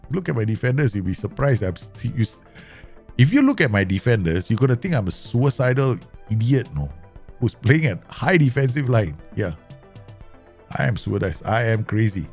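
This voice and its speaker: Guy w streaming a footy manager game, gravelly, pitch jumping all over, laughs a lot. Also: moderate pace, soft background music. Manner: excitable, laughs often, animated pitch swings. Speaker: gaming streamer. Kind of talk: casual game commentary.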